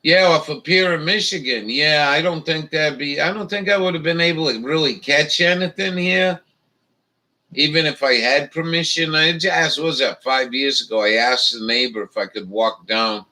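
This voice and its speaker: A man's voice: on the high side, normal speed, pushed and bright, far from the mic, rough recording. A man hosting a casual chat, rambling and swearing a lot, with many fillers. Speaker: livestream host.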